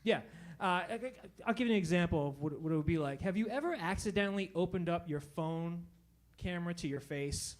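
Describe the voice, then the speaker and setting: A man in his forties works through a stand-up comedy set, poking fun at himself with punchy delivery. His voice sits fairly high for a man, and he checks in with the audience after each punchline. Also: fairly quick. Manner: self-deprecating, punchy, tags jokes with "all right?".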